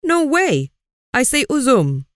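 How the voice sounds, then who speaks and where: A woman voicing a stubborn boy in a storybook, shouting his demand. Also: high-pitched, sing-song, slow pace, no echo, studio quality, voice pushed up, exaggerated voice. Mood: insistent. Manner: shouting, insistent. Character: excited boy shouting for what he wants.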